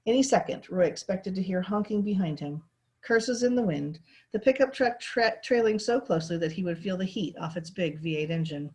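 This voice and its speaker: A woman teacher reads a novel aloud in a steady, expressive storytelling voice. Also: mid-range voice, moderate pace.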